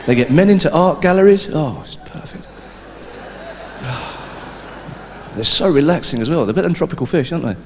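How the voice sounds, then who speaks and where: Male stand-up comic, animated delivery, live hall sound. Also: a little high, normal speed. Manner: animated, shouting out mock instructions. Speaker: comedian. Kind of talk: stand-up routine. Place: live comedy stage. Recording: live hall reverb with background noise.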